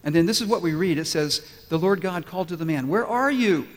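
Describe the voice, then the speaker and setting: Emphatic preacher in a reverberant hall. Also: male voice, on the high side, steady tone. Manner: emphatic, repeats key phrases slowly. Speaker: pastor. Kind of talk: sermon. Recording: long reverb of a large hall.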